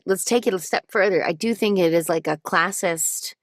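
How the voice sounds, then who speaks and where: A woman's voice: on the low side, moderate pace, dry recording, studio quality. A woman, a voice actor guest chatting casually and thoughtfully in an interview. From United States. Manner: chatty, reflective, many fillers like "like" and "you know".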